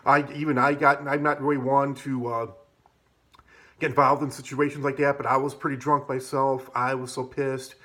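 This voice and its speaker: A man's voice: mid-range voice, flat delivery, normal speed, bright, forceful tone. A man spins a loose, rambling personal story. He swears freely and leans on fillers like "like" and "you know" as he talks. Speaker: vlogger. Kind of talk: casual storytelling.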